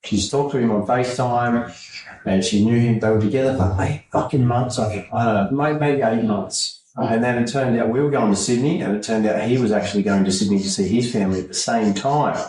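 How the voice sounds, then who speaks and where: A man's voice: medium pitch, a little fast, a little mellow. A man in casual chat, talking bluntly and swearing freely as he tells family stories. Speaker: tattoo client. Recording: echoey room with faint noise.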